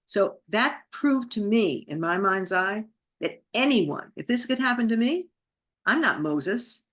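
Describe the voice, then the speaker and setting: A woman with a mid-range, slightly bright voice speaks at a moderate pace with lots of expression. She's a podcast guest telling a personal story vividly, acting out her inner thoughts with real emotion.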